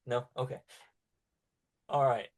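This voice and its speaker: Man, game master, tabletop narration, casual, laughs a lot, mid pitch. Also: fairly even intonation, slow, darkish tone. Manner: casual, laughs often, filler-heavy.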